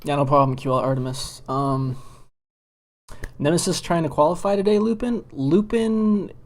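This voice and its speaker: A man's voice: on the high side, moderate pace. A man hosting and casting a live game stream, joking and rambling between matches. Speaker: esports caster and stream host. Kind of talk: casual live-stream commentary.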